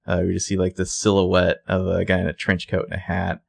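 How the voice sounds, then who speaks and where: A man's voice: low voice, completely flat delivery, fairly quick, creaky, no echo. A man co-hosting a podcast, chatting casually and enthusiastically about a TV episode's look and details, with lots of "like". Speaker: podcast co-host. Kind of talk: casual recap chat.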